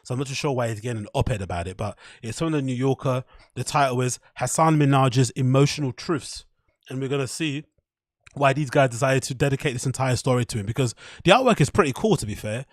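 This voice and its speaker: A man's voice: mid-range voice, quick pace, dry recording, clean studio sound. A man, hosting a casual podcast and rambling in a chatty, self-mocking way with lots of swearing. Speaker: podcast host.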